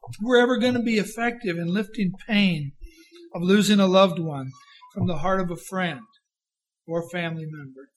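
A man preaching a sermon with impassioned delivery, rising to loud emphasis and dropping to a hushed quiet. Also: high voice, normal speed, poor audio.

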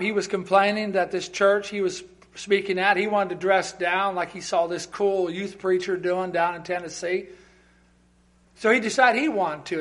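A high-voiced man delivers an animated, emphatic sermon in a church sanctuary. His joking remarks to the congregation build into loud outbursts.

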